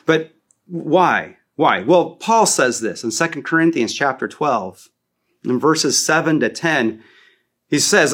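A man preaching a sermon as a pastor, animated and repeating key phrases for emphasis. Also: fairly high pitch, slow pace, breathy edge.

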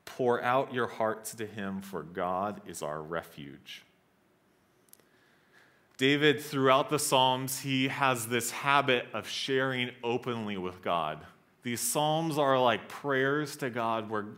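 A man preaching a sermon as pastor, speaking earnestly and conversationally. He acts out scripture lines with rising intensity and drops to a soft, low voice on somber passages.

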